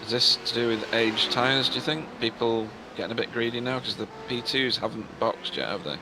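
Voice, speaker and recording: A man doing chatty live commentary on a sim race, quick to exclaim at the action. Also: medium pitch, background noise.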